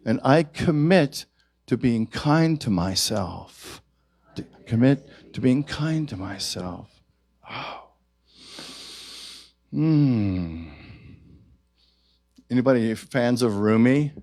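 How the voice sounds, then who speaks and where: A man's voice: medium pitch, a little mellow. Guy minister giving a sermon, voice swings up and down a lot, takes his time, keeps asking the room to answer back. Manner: engaging the congregation with questions and call-and-response. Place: church service.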